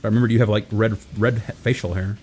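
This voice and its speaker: A man's voice: on the low side, fairly even intonation, fast, darkish tone, a little hiss or hum. An American man streaming a coop game, casually chatting and teasing his friend. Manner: teasing, joking. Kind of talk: casual chat while gaming.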